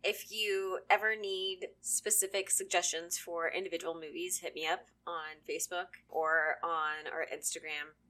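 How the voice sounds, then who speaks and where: Woman co-host, bright voice, brisk and playful. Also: on the low side, fairly even intonation. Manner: lays out rules briskly, playful. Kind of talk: casual chat.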